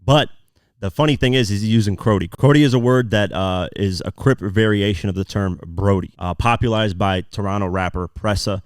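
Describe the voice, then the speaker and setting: A man's voice: fairly low pitch, brisk, clean tone, dry recording, studio quality. A man hosting a podcast, talking casually as he breaks down lyrics line by line with frequent fillers. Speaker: podcast host.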